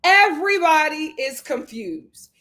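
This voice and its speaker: A woman, giving an animated, gossipy live review of reality TV. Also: sits high, a little slow. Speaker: show reviewer.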